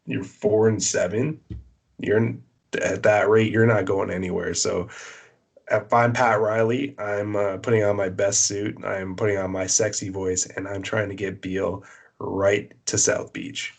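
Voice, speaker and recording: Blunt, opinionated low-voiced man. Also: little pitch movement, a little slow, gravelly. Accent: Canadian. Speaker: podcast co-host. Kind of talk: casual sports chat.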